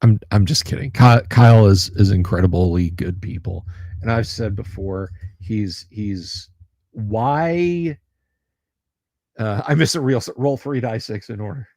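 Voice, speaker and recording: A man's voice: lowish voice, unhurried, a little mellow, no echo, clean studio sound. A man hosting a tabletop gaming livestream in rambling, jokey casual chat, laughing often. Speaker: livestream host.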